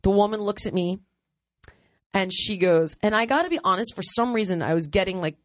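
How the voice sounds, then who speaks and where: A woman's voice: medium pitch, fairly quick. A woman host spins a comic travel story in loose, casual chat. She laughs often and jumps into other people's voices as she tells it. The sound is dry and close, with no room echo. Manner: animated, laughs often, acts out others' lines.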